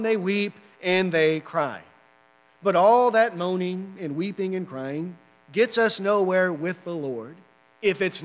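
A man's voice: sits high, fairly bright tone, big-room sound. A man preaching a sermon as pastor, emphatic and repetitive, often checking in with the listeners. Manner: emphatic preaching with repeated "right?" asides.

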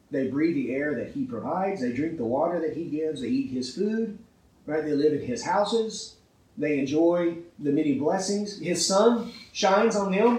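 A man's voice: on the high side, darkish tone, echoey room, recorded from a distance, rough recording. A man preaching a sermon with emphasis, often asking his listeners rhetorical questions and checking in with "right?".

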